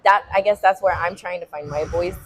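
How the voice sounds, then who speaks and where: A woman talking candidly in a casual conversation, halting and full of fillers, over light background noise. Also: fairly low pitch, steady tone, rough recording.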